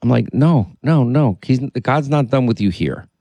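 A man's voice: medium pitch, animated, unhurried, dark tone, no echo, dull audio. Storytelling man, dry close sound. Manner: storytelling, with many restarts and quoted dialogue. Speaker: podcast host. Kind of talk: casual conversation.

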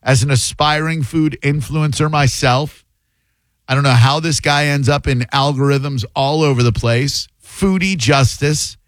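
A man's voice: fairly high pitch, a little slow, no echo. Joking male talk radio host. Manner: joking, sarcastic asides. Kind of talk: casual talk radio banter.

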